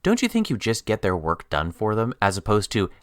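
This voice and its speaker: A man's voice: lowish voice, wildly swooping pitch, a little fast, dry recording. A man co-hosting a podcast, picking apart a TV episode in casual chat with a dry, critical manner. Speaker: podcast co-host.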